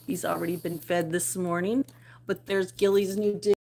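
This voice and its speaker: Middle-aged woman, casual livestream chat, outdoors on a ridge, medium pitch, noisy outdoor recording. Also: steady tone, normal speed. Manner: chatty, talks to viewers and pets, drifts into soft whispers. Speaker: livestream host.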